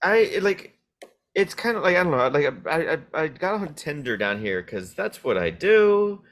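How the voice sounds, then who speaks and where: A woman's voice: deep voice, very animated, measured pace. A woman hosting a casual podcast chat, a rambling, laughing storyteller. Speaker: podcast host.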